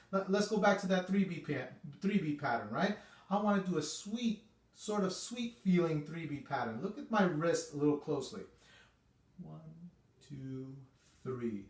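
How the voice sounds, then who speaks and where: A man with a slightly high voice gives a casual music lesson, chatty and repeating himself as he checks in with his students. He sounds set back from the mic in an echoey room. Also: far from the mic. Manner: chatty, repeats itself, says okay often. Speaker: music teacher.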